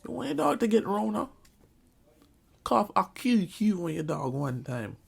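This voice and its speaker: A man's voice: sits high, sing-song, measured pace, vocal fry, breathy edge. A young man telling a comic school story in a storytime vlog, acting out quotes. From Jamaican family, Caribbean community. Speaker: vlogger.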